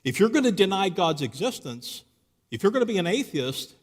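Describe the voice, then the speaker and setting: A man's voice: high-pitched, very animated, brisk. A man giving a live Christian apologetics talk to an audience, telling a story and posing rhetorical questions. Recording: live hall recording with long reverb.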